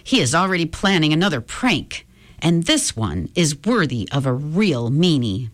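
A woman voicing a freckled magical helper, speaking calmly and reassuringly. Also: low voice, normal speed. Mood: knowing. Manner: calm, reassuring, knowing. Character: freckled magical helper who pops in and out, calm and confident.

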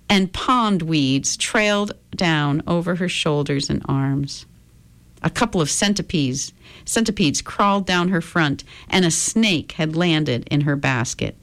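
Low-voiced woman reading a children's story. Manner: expressive, lively intonation.

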